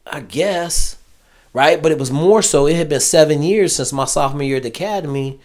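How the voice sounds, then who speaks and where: A fairly high-pitched, fairly quick male voice belongs to a former Navy SEAL telling casual stories. He swears freely and stays animated, often acting out what other people said.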